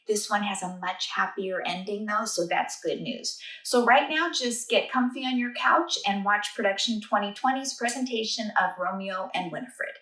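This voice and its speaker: A woman's voice: medium pitch, normal speed, few pauses, bright, forceful tone, far from the mic. A woman drama teacher introducing an online school play to its audience, upbeat and grateful as she thanks the people who helped. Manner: upbeat and grateful, plainly spoken. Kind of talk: prepared introduction to an online show. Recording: roomy sound from away from the mic.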